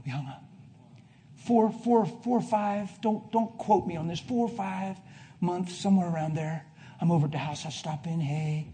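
A preacher giving a sermon to a congregation, telling a personal story, going from hushed to loud. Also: male voice, high voice, normal speed, a little hiss or hum. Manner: emphatic, swings from hushed to loud. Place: before a live congregation.

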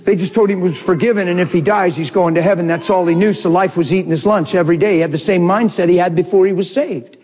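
A man telling a story in a sermon, animated and laughing often as he talks. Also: sits high, quick pace, hardly any pauses, slight background noise. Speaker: preacher. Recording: long hall reverb.

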